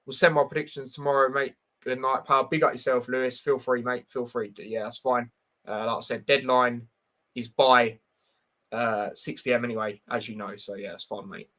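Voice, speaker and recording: Speaking at a normal speed, this man has a medium-pitched, fairly bright voice and a steady tone. On his relaxed football prediction live stream he reads chat aloud and responds to it plainly, chatting bluntly with plenty of fillers.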